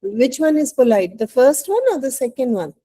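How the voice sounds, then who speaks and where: A woman's voice: high-pitched, expressive, moderate pace, warm tone, poor audio. A woman teacher with an Indian English accent giving an online English lesson. She is patient and coaxing, and she often checks in with "right?".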